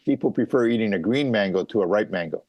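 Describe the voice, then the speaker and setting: Middle-aged male farmer from Hawaii, lowish voice, dry recording, chatty explainer with frequent ums and restarts. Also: lively intonation, fast talker, darkish tone, no room sound. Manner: explanatory, lots of fillers and restarts. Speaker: mango farmer guest. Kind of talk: casual interview talk.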